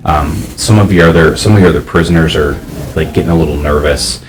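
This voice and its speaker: Very deep-voiced man narrating a tabletop game. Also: distant mic, music in the background, poor audio. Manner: halting, many fillers and restarts. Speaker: game master.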